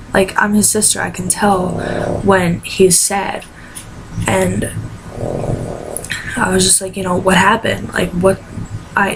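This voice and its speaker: A teenage girl telling a personal story in an emotional vlog, tearful and rambling. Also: mid-range voice. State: crying. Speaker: vlogger. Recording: noisy home recording.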